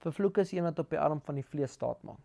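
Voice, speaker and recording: South African preacher telling a story. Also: male voice, on the high side, quick pace, vocal fry. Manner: lively storytelling with Afrikaans words mixed in. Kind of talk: sermon.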